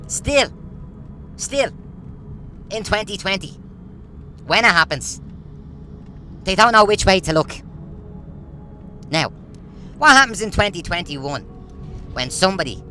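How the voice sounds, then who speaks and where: A man's voice: a little high, bright, forceful tone. A man, ranting in a casual monologue full of rhetorical questions. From Ireland. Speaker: vlogger.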